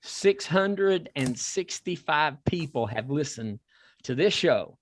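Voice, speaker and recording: A man with a Southern accent hosting a talk podcast, excitable and repeating himself as he pitches a sponsor. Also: slow. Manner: excitable, repeats words and restarts. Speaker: podcast host. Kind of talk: casual chat with a sponsor plug.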